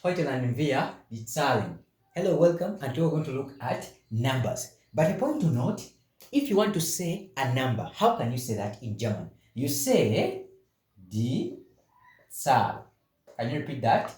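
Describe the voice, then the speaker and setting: In a beginner German lesson, a man drills each word slowly, repeating it several times and asking learners to say it back. His medium-pitched voice swings widely in pitch, sounds a little mellow, and carries reverb.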